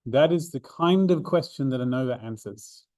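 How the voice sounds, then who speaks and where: Man, tutor, mellow tone, dry close sound, loose step-by-step explaining. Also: mid-range voice, animated, normal speed, no echo. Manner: explains step by step with fillers and repeats. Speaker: maths learning centre coordinator. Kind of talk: recorded revision seminar. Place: room, drawing notes for an overhead camera.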